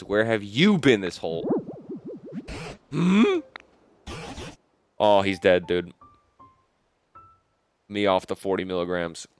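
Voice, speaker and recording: A young man, a gaming streamer, chatting casually and excitedly over gameplay, full of slang. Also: medium pitch, measured pace, long pauses, faint music behind. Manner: animated, slangy, says "dude" a lot.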